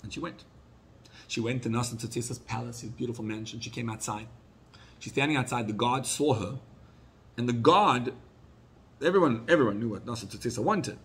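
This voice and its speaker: A male rabbi telling a story in a sermon, acting out the people he quotes and dropping his voice low for sad moments. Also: brisk, long pauses, fairly bright tone, slight background noise.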